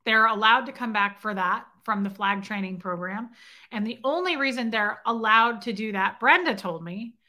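An outspoken woman tells a story straight to camera in a bright, forceful voice. She talks indignantly, swears casually and keeps asking her viewers "right?" as she rambles along. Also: mid-range voice. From grew up in Scientology. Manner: rambling, loops back with "okay?" and "right?". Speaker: vlogger telling a personal story.

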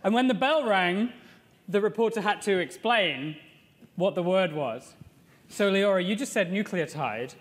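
Man, playful spoof-news co-host, very high voice, roomy hall sound. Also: lively intonation, unhurried, slight background noise. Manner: jokey, theatrical announcing. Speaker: co-host of a mock news segment. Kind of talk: playful newscaster-style introductions. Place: conference hall. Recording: echoey hall with music behind.

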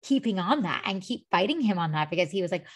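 An animated, fast-talking woman with a mid-range voice hosts a podcast and spins a personal tale. The storytelling wanders casually, heavy on filler words such as "like" and "you know."

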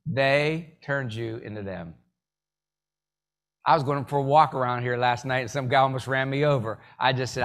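A man giving a live motivational keynote, telling jokey stories and leading the audience in call-and-response with sudden loud bursts. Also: medium pitch, normal speed. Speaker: motivational speaker.

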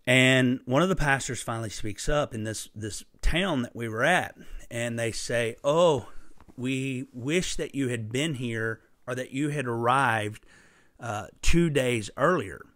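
A man preaching a sermon through a personal story, impassioned and emphatic, with sudden loud bursts. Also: mid-range voice, unhurried, no room sound, clean studio sound.

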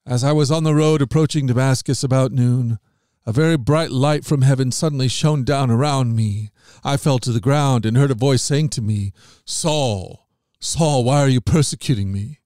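A man of middle pitch reads scripture in an even, measured way, lifting his voice a little whenever someone is quoted. The sound is dry and close to the mic, with no room around it. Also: dry recording. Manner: measured, steady reading with lifts on quoted lines. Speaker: podcast host reading scripture. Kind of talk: scripted Bible reading.

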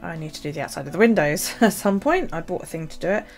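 A woman chatting casually about her journal and her chores, rambling with many pauses and ums. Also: sits low, expressive, soft background music. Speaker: journaling vlogger. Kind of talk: casual chat.

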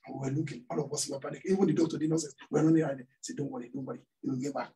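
A man's voice: a little high, steady tone, racing, warm tone, distant mic, poor audio. A man preaching a sermon, telling a story and tossing questions out to the congregation. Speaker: pastor. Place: church hall.

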